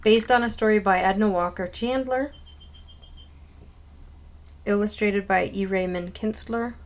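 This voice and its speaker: Woman, storybook reading aloud, mid pitch, unpolished, small slips. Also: measured pace, a little hiss or hum. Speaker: reader. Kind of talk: reading children's books aloud.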